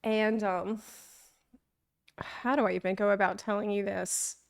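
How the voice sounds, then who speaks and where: Slow, clear-voiced woman streamer. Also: medium pitch, flat delivery, no room sound, studio quality. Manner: rambling, self-deprecating storytelling with frequent laughs. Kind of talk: casual chat.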